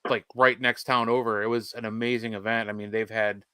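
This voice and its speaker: A man's voice: lowish voice, level tone, brisk, bright, forceful tone, smooth, no room sound. A man in a casual podcast chat, easygoing, laughing along and backing up others with short replies. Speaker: podcast co-host.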